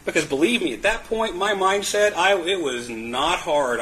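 Bright-voiced man telling his recovery story. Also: high voice, expressive, moderate pace, a little hiss or hum, poor audio. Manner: candid, self-mocking, laughs often; repeats and restarts words. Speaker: speaker sharing recovery story. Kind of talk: personal testimony at a meeting.

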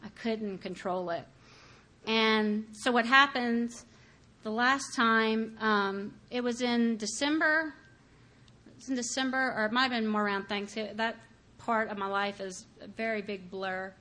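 A woman's voice: a little high, measured pace, sharp tone. A woman giving a candid personal testimony about her recovery, talking conversationally with many fillers and acting out her past thoughts. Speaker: speaker sharing her recovery story.

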